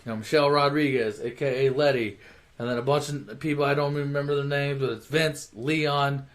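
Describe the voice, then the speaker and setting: A man's voice: medium pitch, fairly even intonation, fairly quick. A man retelling a movie plot in a casual, rambling way, with lots of swearing and filler words. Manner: rambling, profane, full of fillers. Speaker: storyteller.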